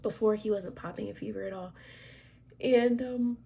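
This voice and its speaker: A woman in her thirties chatting casually as a vlogger, rambling with lots of fillers, clearing her throat often and dropping to soft asides. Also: medium pitch, steady tone, normal speed. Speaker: crafts vlogger and military instructor. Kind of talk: casual chat.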